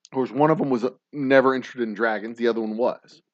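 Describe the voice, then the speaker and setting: A man's voice: medium pitch, fast talker, no echo. A man in his forties hosting a casual chat show, rambling and swearing, with lots of restarts. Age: 40s. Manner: rambling and profane, many restarts. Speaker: podcast host. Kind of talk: casual chat with live viewers. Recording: dull dry lo-fi sound.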